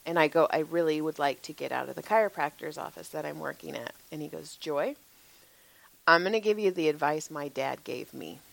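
Animated, profane woman telling stories. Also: low voice, gravelly, no echo. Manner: animated, profane, laughs often, acts out quotes. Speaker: podcast co-host, massage therapist. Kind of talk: casual storytelling chat.

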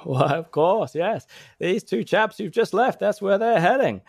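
A man doing a rambling gravelly village gossip. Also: high-pitched, expressive, a little slow, no room sound, clean studio sound, full character voice. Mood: gossipy. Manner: rambling, stammering, full of restarts. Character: chatty rural man giving directions, gossipy.

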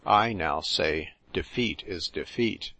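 Brief: teasing American princess, read by a man, low and slow, dry sound. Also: pushed and bright, dry recording, exaggerated voice. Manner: teasing, retorting. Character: bold young American princess.

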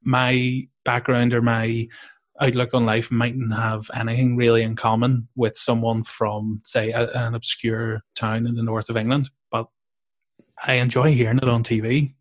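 A man's voice: medium pitch, little pitch movement, unhurried. A man with a mid-range voice muses aloud in an easygoing chat. He wanders through his points, hedging and restarting as he goes. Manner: rambling and reflective, hedging with lots of restarts. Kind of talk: casual chat.

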